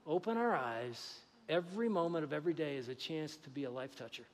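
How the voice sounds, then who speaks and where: A man preaching a sermon as pastor, animated, acting out conversations with God. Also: on the high side, a little fast, in a large hall. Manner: animated, acts out dialogue with God. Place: church sanctuary.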